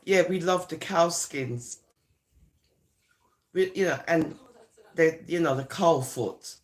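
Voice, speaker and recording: A speaker from Jamaica, delivering a teasing, taunting comic monologue and drawing words out. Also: mid-range voice. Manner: teasing, sing-song, drawn-out words.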